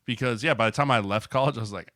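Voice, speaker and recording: Man, podcast co-host, casual chat, bright voice, dry close sound. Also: mid-range voice, rapid-fire, no echo. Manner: animated storyteller, acts out quotes. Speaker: podcast co-host, former NFL lineman.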